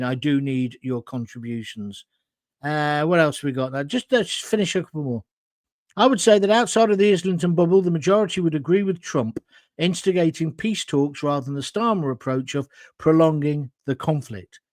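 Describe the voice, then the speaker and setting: An English man in his sixties hosting his own talk show, blunt and combative, with wide swings in pitch. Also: no echo. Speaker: show host. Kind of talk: opinionated solo talk show. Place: home studio with green screen.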